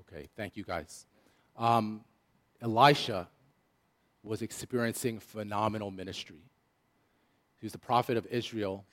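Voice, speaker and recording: A man's voice: on the low side, unhurried, long pauses. A man, a pastor, giving a casual sermon and talking straight to his congregation.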